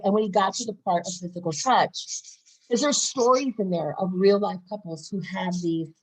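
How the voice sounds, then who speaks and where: A woman's voice: fairly low pitch, a little mellow, poor audio. A woman in her thirties talking casually to camera in a bubbly, upbeat, chatty way. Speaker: wellness vlogger.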